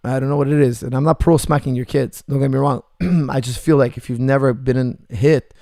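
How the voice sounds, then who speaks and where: Gravelly, blunt coach answering chat. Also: male voice, mid-range voice, steady tone, fairly quick, dark tone, no room sound, clean studio sound. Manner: blunt, joking, laughs often. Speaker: martial arts coach hosting a Q&A. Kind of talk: casual livestream Q&A, reading chat messages.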